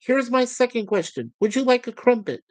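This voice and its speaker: A woman's voice: big pitch swings, normal speed, a little mellow, no room sound. A woman putting on a chirpy, pushy talking toaster. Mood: wheedling. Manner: cheery sing-song pitching, relentless. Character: chirpy, pushy male toaster obsessed with bread. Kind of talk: reading out sitcom scenes.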